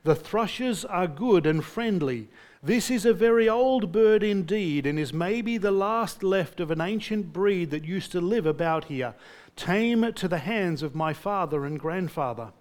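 A proud, gruff dwarf leader from a storybook reading, as a preacher gives him voice. He speaks with earnest warmth, pitched a little higher than the reader's own voice and somewhat louder. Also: lively intonation, unhurried. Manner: earnest, read aloud from a book.

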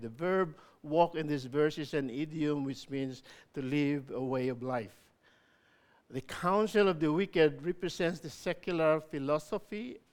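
Man preaching an expository sermon. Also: a little high. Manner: explanatory preaching with emphatic repetition. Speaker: pastor.

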